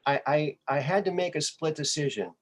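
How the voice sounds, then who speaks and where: A man hosting a podcast, telling personal stories in a casual, animated way and acting out the people he quotes. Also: on the high side, normal speed. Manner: animated storyteller who acts out quoted voices. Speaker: podcast host. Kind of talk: casual conversational storytelling.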